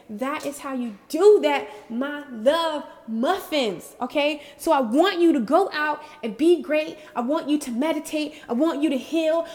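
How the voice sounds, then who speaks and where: A bubbly woman gives a spiritual pep talk straight to camera. She is affectionate and slangy, and she laughs easily between lines. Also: high voice. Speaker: spiritual guidance vlogger. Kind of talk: casual motivational talk to camera.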